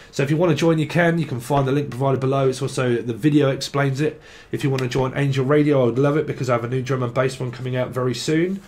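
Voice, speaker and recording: Man, tarot reader, rambling, casual, mid-pitched voice. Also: a little mellow. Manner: rambling, swearing, breaks into sing-song chanting. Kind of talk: casual psychic reading monologue.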